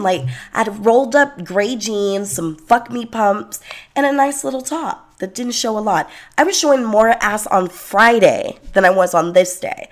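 A young woman from Los Angeles tells a night-out story to listeners. She is blunt and chatty and swears freely. Her voice sits at an ordinary middle pitch for a woman. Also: lively intonation, a little slow. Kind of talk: candid personal storytelling.

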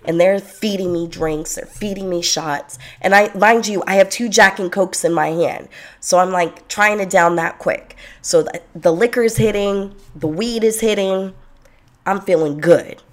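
A young woman from Los Angeles tells a night-out story to listeners. She is blunt and chatty and swears freely. Her voice sits at an ordinary middle pitch for a woman. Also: unhurried. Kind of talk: candid personal storytelling.

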